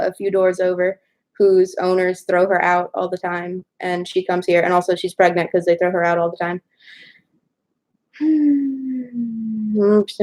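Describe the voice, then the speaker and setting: A woman's voice: fairly low pitch, darkish tone. Chatty rambling young woman. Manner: rambling, chatty storytelling with many "like"s. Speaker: writer hosting a livestream. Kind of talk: casual livestream chat with viewers.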